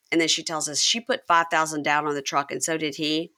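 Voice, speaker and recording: A woman with a fairly low, bright, forceful voice hosts a casual chat. She recaps a reality show episode, acting out the quotes with lively swearing. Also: fairly quick. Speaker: podcast host recapping reality TV.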